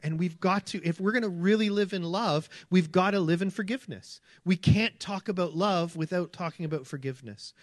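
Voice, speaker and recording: Earnest man preaching, higher voice. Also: dry recording, studio quality. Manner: earnest, conversational preaching with repeated phrases. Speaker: pastor. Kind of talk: sermon.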